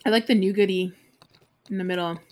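A woman co-hosting a casual snack-tasting chat, relaxed and chatty as she describes the food while chewing. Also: mid-range voice, brisk. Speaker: podcast co-host.

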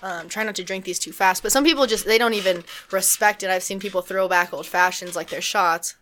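A woman co-hosting a casual chat, talking about her work as a bartender in a relaxed, chatty way. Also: mid-range voice, fairly quick, a little hiss or hum. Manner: relaxed, chatty, filler-heavy. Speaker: co-host, bartender.

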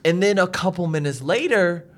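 Man, young adult, podcast co-host, casual storytelling, lively pitch, acts out dialogue. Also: normal speed. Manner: animated storyteller, laughs often, acts out his wife's lines.

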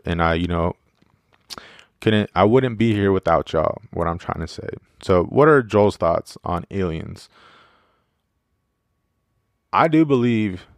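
Smooth, low-voiced profane podcast host. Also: male voice, no room sound, clean studio sound. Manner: rambling, profane, joking, many fillers. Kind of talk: casual solo podcast monologue.

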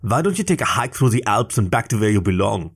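A man's voice: lowish voice, big pitch swings, fast talker, husky, exaggerated voice. A man voicing a smug, taunting young bear who bullies a boy.

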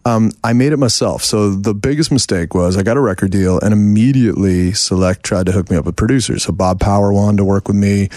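A man's voice: on the low side, brisk, hardly any pauses, a little mellow, dry recording, studio quality. A middle-aged man, a songwriter and producer, telling rambling, self-deprecating stories as a guest in a casual interview.

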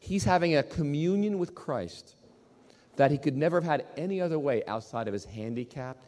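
Animated man preaching in a reverberant hall. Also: fairly high pitch, brisk. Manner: animated, emphatic preaching with repeated words. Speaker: pastor. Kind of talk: sermon.

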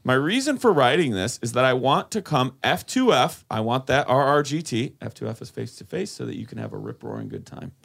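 Guy with a gravelly voice reading a listener letter on a podcast, steady, jokes in between. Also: mid-range voice, brisk, few pauses. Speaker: podcast co-host.

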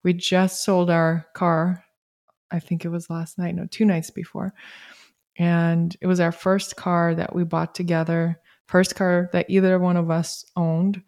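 Reflective woman with a flat low voice. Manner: reflective, spiritual, unhurried. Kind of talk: casual conversation.

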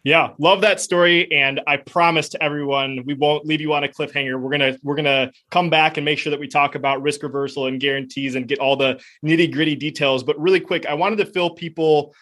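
A man's voice: on the high side, fairly even intonation, brisk, few pauses, pushed and bright. A man hosting a podcast interview, asking questions in a friendly, eager way. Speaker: podcast host. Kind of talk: interview chat.

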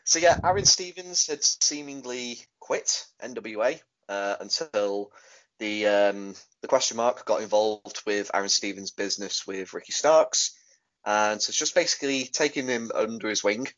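A man's voice: fairly low pitch, moderate pace, fairly bright tone. A man hosting a casual chat show and recapping a wrestling show at length, rambling with many fillers and laughing easily. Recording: dull lo-fi audio.

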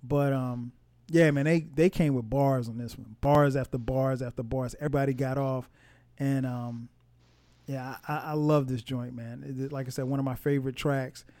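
A man's voice: medium pitch, fairly even intonation, normal speed, a little mellow, no echo. A man hosting a casual music podcast, rambling with lots of fillers and restarts. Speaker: podcast host. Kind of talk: casual music review chat. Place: home in Atlanta.

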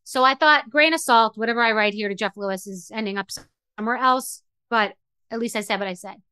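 A middle-aged woman hosts a podcast, delivering a candid, emotional monologue that rambles and restarts. Her voice is bright, forceful, slightly high, and fairly quick. The recording is dry, close, and clean-toned, with no room sound.

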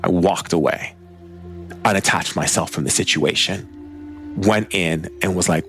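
A man's voice: sits low, measured pace, pauses often, fairly bright tone, faint music behind. A man telling stories in a casual, rambling way, full of filler words, as a spiritual teacher. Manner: rambling, filler-heavy, conversational. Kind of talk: casual storytelling talk.

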